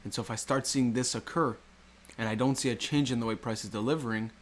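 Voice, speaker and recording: Male educator, mid-pitched, steady and repetitive, slight background noise. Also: fast talker. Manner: rhetorical questions, repetitive explaining. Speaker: trading educator. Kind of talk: screen-recorded chart walkthrough.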